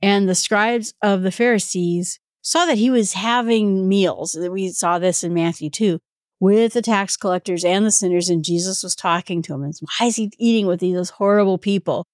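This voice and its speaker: A woman's voice: mid-range voice, normal speed, a little mellow, dry recording, clean studio sound. A woman giving an informal Bible study, explaining the passage conversationally with casual asides. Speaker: Bible teacher.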